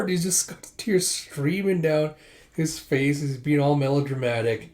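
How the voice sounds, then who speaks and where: A man's voice: on the high side, unhurried, a little mellow. A man casually reading a manga volume aloud, recapping the story and lightly voicing the characters' lines. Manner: chatty recap, "it's like" before each quoted line, light voicing.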